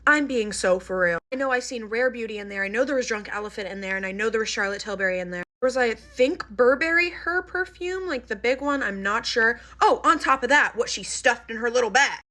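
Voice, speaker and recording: A woman telling a casual storytime vlog, animated and gossipy, filling her sentences with "like". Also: fairly high pitch, brisk, few pauses. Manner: animated and gossipy, heavy use of "like". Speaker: storytime vlogger.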